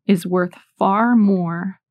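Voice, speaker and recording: A woman's voice: mid-range voice, very slow, darkish tone, dry recording. A woman in her forties giving a Catholic faith talk, telling personal stories in an earnest way and reading scripture aloud. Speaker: Catholic speaker.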